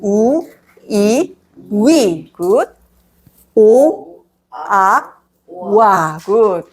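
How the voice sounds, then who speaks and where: Slow, patient Korean-accented woman teacher. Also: medium pitch, animated, darkish tone. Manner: drills sounds, repeating syllables for learners. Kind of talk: slow, patient pronunciation lesson.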